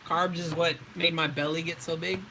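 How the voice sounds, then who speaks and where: A man's voice: fairly high pitch, level tone, normal speed, pushed and bright, a little hiss or hum, poor audio. A man in his twenties, a voice actor, chatting casually on a live stream and answering viewer questions in a laid-back way.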